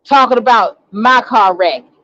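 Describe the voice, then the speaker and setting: A woman's voice: fairly high pitch, normal speed, a bit bright, dull audio. A woman telling a story in a casual, indignant, ranting monologue, acting out what people said. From Chicago. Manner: indignant, ranting storyteller who acts out quotes. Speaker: online talk show host.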